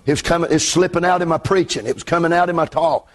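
A man pastor preaching a revival sermon from the pulpit, shouting in a chanting preaching cadence. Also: a little high, quick pace. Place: church pulpit.

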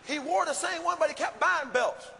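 A man doing stand-up comedy, telling an animated story and acting out scenes on stage. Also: extremely high pitch, normal speed, vocal fry, a little hiss or hum. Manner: animated, acts out scenes, gasps and shouts. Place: stage before a live audience. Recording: live hall with audience ambience.

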